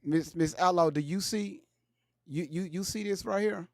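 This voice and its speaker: A man with hosts a livestream. He presses commenters with repeated questions, his voice sitting a bit high for a man, close and dry with no room sound. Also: normal speed, creaky, no room sound. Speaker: livestream host. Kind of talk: livestream talk.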